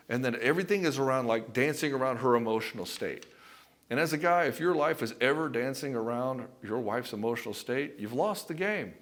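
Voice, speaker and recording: A man's voice: mid-range voice, lively intonation, fairly quick, a bit bright. A man with a mid-range voice speaks as a relationship coach, blunt and emphatic. He swears casually, tells stories from his own life, and calls the listener brother. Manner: addresses the viewer as brother; tells personal anecdotes. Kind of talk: direct-to-camera coaching talk.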